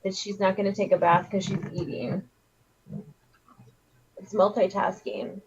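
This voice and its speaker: A woman's voice: medium pitch, little pitch movement, unhurried, slightly rough. A woman co-hosting a casual livestream chat, rambling and giggly as she riffs on ideas. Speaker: co-host. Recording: dull lo-fi stream audio.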